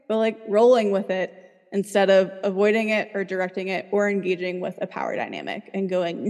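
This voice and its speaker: A woman's voice: mid-range voice, a little fast, darkish tone, big-room sound. A woman therapist talking casually in an interview, chatty and full of "like.". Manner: chatty, fills speech with "like". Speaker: licensed therapist, guest.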